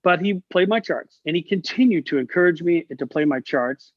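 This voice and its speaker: A man's voice: a little high, normal speed, no room sound. A middle-aged man, a guest musician, telling stories in a casual interview over a video call, acting out the people he quotes. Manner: animated storyteller, acts out quoted voices. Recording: dull lo-fi video call audio.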